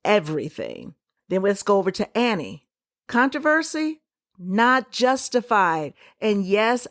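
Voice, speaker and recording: A woman hosting a solo podcast, giving her opinions in a conversational, emphatic way with quick asides. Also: medium pitch, no echo, clean studio sound. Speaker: podcast host.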